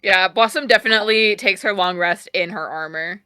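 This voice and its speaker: A woman playing a character in a tabletop role-playing game, animated and chatty, swearing casually. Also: mid-range voice, normal speed, clean tone, faint music behind. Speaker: player.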